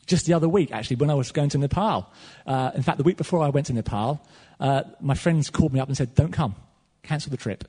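A man preaching a sermon in a church hall, animated and swinging between loud and soft. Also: a little high, fast, few pauses, husky. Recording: long reverb of a large hall.

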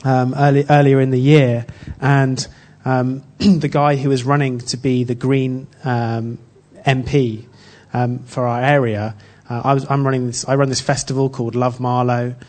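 A man giving an informal sermon built around a personal story, earnest and halting, with frequent restarts. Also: mid-range voice, level tone, a little mellow. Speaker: church speaker.

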